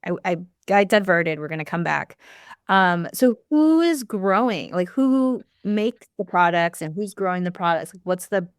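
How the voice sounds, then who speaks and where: A woman's voice: on the low side, expressive, normal speed, clean tone, dry recording. Chatty woman guest, dry close sound. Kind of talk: casual conversational interview.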